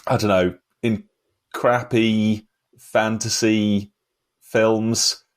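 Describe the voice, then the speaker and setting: Low-voiced man discussing a film. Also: flat delivery, drawn-out words. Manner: rambling, self-interrupting with laughs. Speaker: film podcast host.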